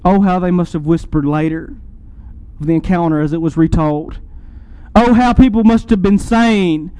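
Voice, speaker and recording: High-voiced, emphatic man preaching. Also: dark tone, clear, resonant tone, dry recording, poor audio. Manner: preaching with rising emphatic swells and slow pauses. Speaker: pastor. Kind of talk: sermon.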